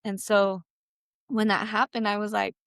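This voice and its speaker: A woman's voice: flat delivery, unhurried, vocal fry, fairly bright tone, no room sound, studio quality. A young woman, a guest on an interview show, telling a personal story of loss, speaking casually and saying "like" often. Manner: heavy use of "like", quotes herself in a higher voice.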